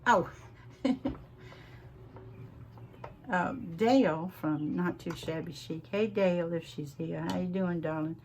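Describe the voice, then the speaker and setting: A woman with a Southern US accent, chatting casually at her home craft desk as she hosts a crafting vlog, drawn-out and full of laughs. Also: lowish voice, darkish tone, slight background noise. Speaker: crafting channel host.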